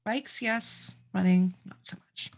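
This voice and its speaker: A woman's voice: mid-range voice, steady tone, slow, darkish tone. A woman playing a tabletop role-playing game, reasoning aloud and asking the storyteller about details. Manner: reasoning aloud, thoughtful questions. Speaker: player. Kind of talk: casual tabletop play.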